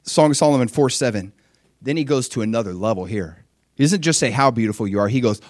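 A man preaching a sermon in an animated way, acting out dialogue with sudden high-pitched exclamations. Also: brisk, no room sound, clean studio sound.

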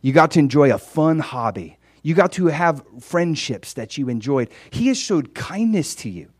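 A man preaching a conversational sermon, dropping quiet and then rising loud and emphatic. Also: on the high side, sing-song, normal speed, breathy edge, no room sound, studio quality.

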